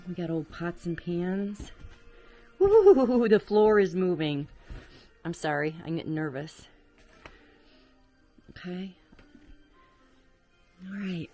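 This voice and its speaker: Lady poking around a creaky old attic on camera, low-ish voice, slow and easy talk, faint music behind. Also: a little mellow. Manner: chatty, exclaims at creaking floors. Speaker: urban explorer vlogger. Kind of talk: narrating while exploring. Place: abandoned farmhouse attic.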